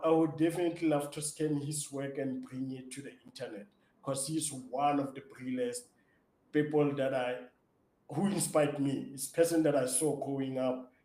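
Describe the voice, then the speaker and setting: A man talks as an interview guest. He gets excited and enthusiastic as he speaks, and his voice sits a little high for a man. The recording has a roomy echo around him. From South Africa. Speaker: app founder and interview guest. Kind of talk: interview answers.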